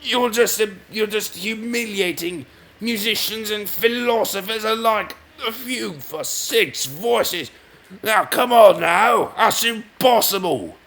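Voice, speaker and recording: A man voicing a shocked, gossiping courtier with loud, indignant exclamations. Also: high voice, takes it slowly, vocal fry, voice pushed up, full character voice.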